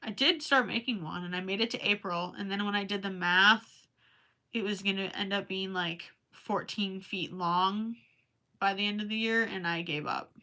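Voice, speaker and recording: A young woman with a Minnesotan accent rambles to her viewers while she crochets late at night. Her voice is bright and forward but tired, and her talk is easy and chatty. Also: mid-range voice, moderate pace. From Minnesota, USA. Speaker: crochet livestreamer. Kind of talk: casual chat while crafting.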